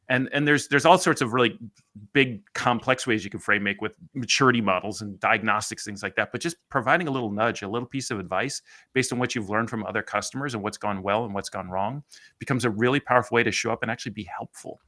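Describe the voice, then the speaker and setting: A man guest on a business podcast, telling a sales story in an animated way and acting out the quotes. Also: medium pitch, fast talker. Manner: animated, acts out quotes, rants.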